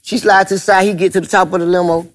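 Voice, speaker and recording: A man telling a story on a comedy podcast, animated and laughing as he acts out the people in it. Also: sits high, fast. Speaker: guest comedian. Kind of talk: casual storytelling.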